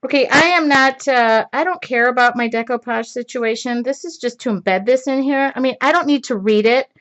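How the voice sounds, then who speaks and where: A woman in her forties chats through a live crafting stream, her voice sitting a little high. She rambles from story to task, laughing and making fun of herself. The sound is dull and lo-fi, as if from a webcam mic. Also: a little fast, fairly bright tone. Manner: rambling, laughing, self-deprecating. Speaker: craft livestream host. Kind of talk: casual chatty storytelling while crafting. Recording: lo-fi livestream audio.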